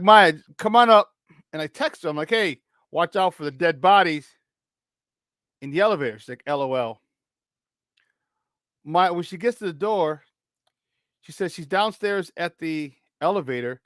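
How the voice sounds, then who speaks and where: A man's voice: a little high, brisk, pauses often, no room sound, clean studio sound. A man co-hosting a morning sports talk show, telling a story in casual chat and acting out the people in it. He swears casually and restarts his sentences often.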